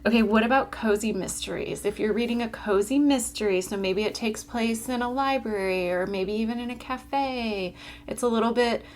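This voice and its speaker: A woman's voice: on the high side, normal speed. A woman co-hosting a casual library podcast, chatty and laughing often as she leads with questions. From Florida. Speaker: podcast co-host. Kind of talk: casual chat.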